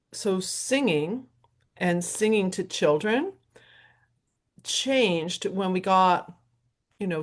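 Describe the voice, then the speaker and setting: A middle-aged woman hosting her show, talking in a casual, rambling solo monologue with frequent laughs. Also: lowish voice. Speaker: host and professional violinist.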